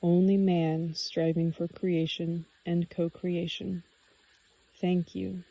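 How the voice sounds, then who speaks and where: A woman voicing a joyful young woman of the forest in an audiobook reading, with a gentle, sing-song delivery. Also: lowish voice, flat delivery, slow pace, creaky, heavily acted, poor audio.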